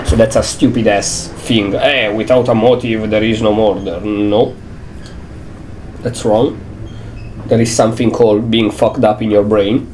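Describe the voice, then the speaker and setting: A man's voice: lowish voice, level tone, a little slow, long pauses, a little mellow, a little hiss or hum. A young man streaming a video game, chatting casually, playful and blunt, swearing freely. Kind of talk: casual game let's-play commentary.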